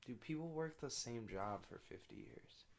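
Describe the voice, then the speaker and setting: A man's voice: mid-range voice, animated, normal speed, gravelly. A young man co-hosting a podcast, talking bluntly and casually, often saying he doesn't know. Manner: blunt, repeats "I don't know". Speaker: podcast co-host. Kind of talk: casual chat. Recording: faint background noise.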